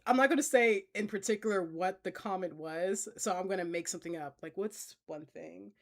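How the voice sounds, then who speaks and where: A woman streamer holds a casual Q&A, reading chat comments and chatting with her viewers. She laughs often and uses plenty of fillers, her voice on the low side and fairly quick.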